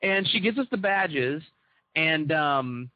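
A man's voice: on the high side, expressive, takes it slowly, no room sound. A man telling a long anecdote to his co-hosts in a casual chat, acting out the quoted dialogue with animation. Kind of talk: casual storytelling among co-hosts. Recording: dull lo-fi dry recording.

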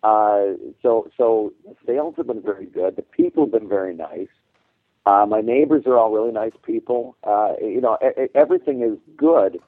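A man's voice: on the low side, lively intonation, moderate pace, no room sound, narrow, tinny audio. A man co-hosting a podcast, recounting a story in casual chat, often stumbling and repeating his words. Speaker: podcast co-host.

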